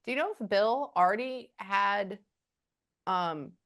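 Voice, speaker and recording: A woman giving a psychic reading over a video call, halting often with quiet murmured asides. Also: medium pitch, lively intonation. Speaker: psychic medium.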